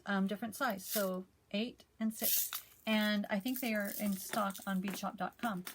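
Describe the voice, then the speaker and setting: Chatty, emotional woman vlogger. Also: fairly high pitch. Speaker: cross stitch vlogger. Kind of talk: casual chat to camera.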